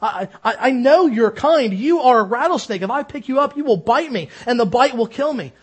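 A man's voice: very high-pitched, expressive, normal speed, slightly rough, pitched above the performer's own voice, exaggerated voice. A man voicing a young man in a told legend, earnest and strained as he talks back to a snake. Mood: wary. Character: earnest young male hunter, frightened then pleading.

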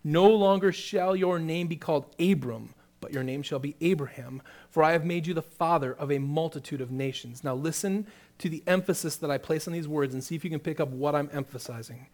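A man's voice: on the high side, fairly quick, a little mellow. A man preaching a sermon, reading scripture aloud and then explaining it with rising emphasis. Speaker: pastor.

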